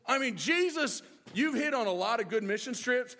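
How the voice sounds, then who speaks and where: A man preaching a lively sermon, acting out the disciples' voices with joking asides. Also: extremely high pitch, normal speed, in a large hall. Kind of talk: animated sermon.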